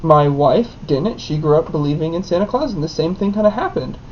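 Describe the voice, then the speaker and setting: A young married man, the son of his co-host, telling a story in an animated way with lots of "like". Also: a little high, a little fast. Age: young adult. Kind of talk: casual storytelling. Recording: dull lo-fi with faint noise.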